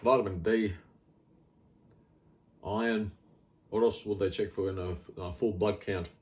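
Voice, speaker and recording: A man's voice: on the low side, fairly even intonation, measured pace, a little mellow. A middle-aged man with an Australian accent, talking in a rambling, blunt and wry casual monologue full of fillers. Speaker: health vlogger.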